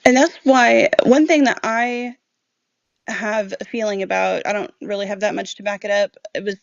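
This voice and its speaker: A woman co-hosting a casual true-crime discussion who thinks aloud and hedges in quick bursts. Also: medium pitch, creaky, dry recording, highs cut off. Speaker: podcast co-host.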